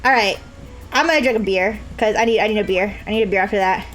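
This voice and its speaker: A young woman streaming a game, joking and laughing a lot with high squeals. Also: quick pace, fairly bright tone, soft background music. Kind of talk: casual game commentary.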